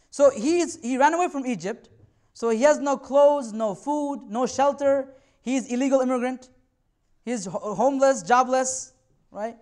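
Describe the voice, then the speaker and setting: A man's voice: very high voice, moderate pace. A man giving a religious talk to students, earnest and conversational, reassuring his listeners in a loose, chatty way. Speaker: invited speaker.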